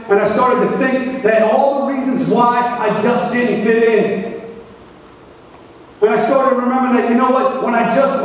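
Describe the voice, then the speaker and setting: A middle-aged man giving a storytelling speech at a youth camp, animated and acting out the people in his story. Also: sits high, slight background noise. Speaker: motivational speaker at a youth camp. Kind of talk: storytelling speech to a young audience. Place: large hall. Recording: echoey hall, recorded from far off.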